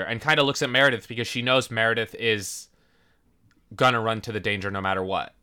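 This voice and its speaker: A podcast co-host chatting casually about a TV drama, acting out scenes in high squeaky voices. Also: fairly even intonation, fairly quick, bright, forceful tone, clean tone. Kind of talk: casual chat.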